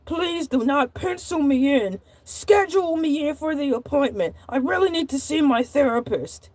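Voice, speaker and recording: A woman's voice: sits high, expressive, normal speed, dry recording. A woman playing a chatty male shark who hosts his own live-stream show, rambling and indignant, repeating herself as she rants. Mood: indignant pleading. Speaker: livestream host. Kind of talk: comedic live-stream character monologue.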